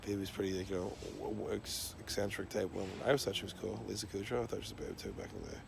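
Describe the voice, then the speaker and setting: A man's voice: on the low side, steady tone, racing, gravelly, noisy background. A man talking in a loose, rambling monologue, swearing constantly and trailing off into fillers and restarts.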